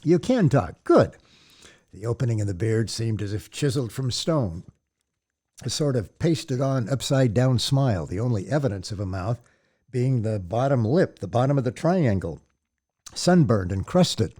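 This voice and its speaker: A man narrating an audiobook in a measured, descriptive storytelling manner. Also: medium pitch, lively intonation, mellow. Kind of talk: scripted narration.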